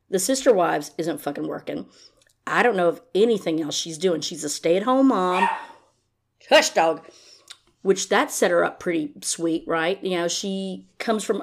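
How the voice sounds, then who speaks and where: A woman hosting a podcast, ranting in casual commentary, blunt and profane, now and then mocking someone in a high put-on voice. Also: expressive, moderate pace. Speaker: podcast host.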